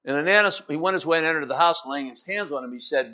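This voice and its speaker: A male preacher giving an animated, dramatic sermon and acting out scripture, in a slightly muffled recording. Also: on the high side, fast, few pauses.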